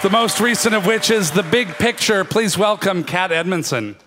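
A man's voice: high-pitched, animated, normal speed, music in the background. A man hosting a talk show, introducing guests in an upbeat announcing way. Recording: loud crowd and noise.

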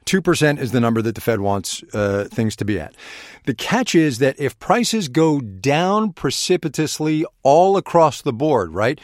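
Quick-talking male radio host. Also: mid-range voice, dry recording, studio quality. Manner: quick, bantering, explains in plain terms. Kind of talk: explanatory radio talk. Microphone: studio microphone.

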